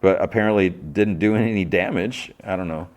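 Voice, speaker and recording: A man with a somewhat low voice talks through a TV episode in casual podcast style. He trips over his words, restarts, and questions his own memory as he goes. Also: normal speed. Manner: rambling, stumbling restarts and self-questioning. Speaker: podcast host.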